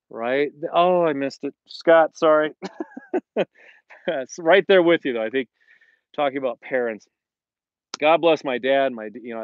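A middle-aged man talks at an ordinary pitch in a rambling, chatty way, acting out the lines he quotes. His voice sounds dull and lo-fi. The room around him is dry, with no echo. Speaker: fitness instructor and host. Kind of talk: casual live-stream chat. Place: home in the Colorado mountains.

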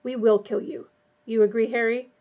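A woman's voice: fairly high pitch, flat delivery, normal speed, lo-fi sound, natural voice. Sirius Black, snarling as a woman reads him. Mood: threatening. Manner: snarling, harsh. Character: adult male wizard, fierce escaped prisoner.

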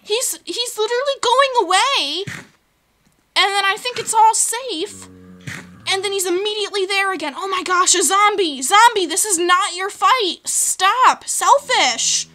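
A woman's voice: extremely high pitch, normal speed, pushed and bright. A woman hosting a video game let's play, chatting playfully and talking to the creatures on screen. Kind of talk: gaming commentary.

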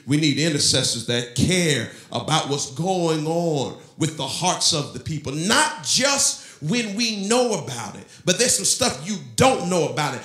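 A pastor preaches in a roomy church that rings with echo. His voice sits high and sounds bright and forceful. He swings from talk to shouted, sung-out lines. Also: lively intonation, unhurried, hardly any pauses. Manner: preaching, rising to shouts, half-singing phrases. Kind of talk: sermon. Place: church sanctuary. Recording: echoey church room.

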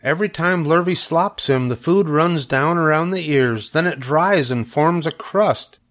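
A man's voice: on the high side, measured pace, a bit bright, pitched above the performer's own voice. A man voicing a determined farm wife in a storybook, firm and matter-of-fact in a raised voice.

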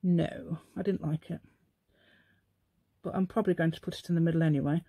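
A woman's voice: low-pitched, steady tone, a little fast, warm tone, husky, no echo. Woman, middle-aged, rambling craft-channel host, mock-posh telephone voice, dry sound. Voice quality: playful put-on posh telephone voice. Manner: rambling, chatty, talks to herself while working. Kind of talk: casual crafting demonstration.

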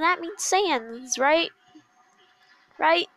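A woman giving gameplay commentary, muttering in frustration and breaking into sudden shouts. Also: mid-range voice, slow pace, no room sound, rough recording. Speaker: gamer.

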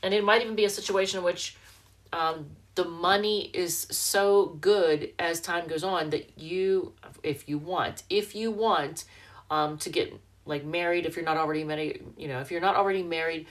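A woman's voice: lowish voice, fairly even intonation, normal speed. A woman with a congested, stuffed-up voice giving a casual tarot card reading in a chatty, loose way, full of fillers and restarts. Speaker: tarot reader.

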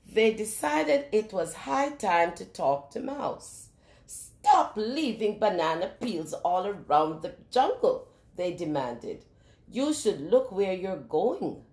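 A woman reading a picture book aloud to young children in a lively sing-song way, stopping often to ask them questions. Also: fairly low pitch, roomy sound. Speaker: children's storyteller.

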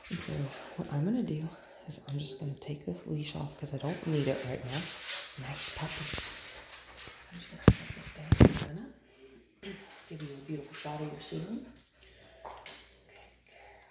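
A woman dog trainer demonstrating at home, praising softly and calmly, often dropping to a hush. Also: low-pitched, brisk, vocal fry. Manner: soft, calm praise, often hushed to a whisper. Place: indoor home room with a dog crate. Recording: roomy echo with loud background noise.

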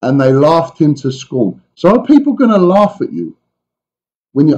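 Mellow-voiced pastor preaching conversationally. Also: male voice, on the high side, moderate pace, highs cut off. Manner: animated retelling of scripture with asides to the congregation. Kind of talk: conversational sermon. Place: church.

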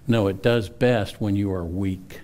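A man's voice: lowish voice, measured pace, dark tone. A middle-aged male pastor preaching a sermon, earnest, often repeating words and rising for emphasis.

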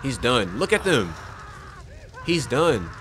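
A young man giving excitable let's play commentary on a horror game, talking to his viewers and yelling at enemies on a desk microphone. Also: medium pitch, slow, background noise. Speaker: gaming youtuber.

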